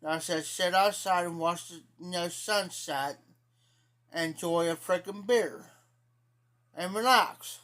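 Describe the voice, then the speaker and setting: High-voiced rambling Ohio man. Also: slow, sharp tone. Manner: rambling, profane, repeats himself. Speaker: live streamer. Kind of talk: casual storytelling to live chat.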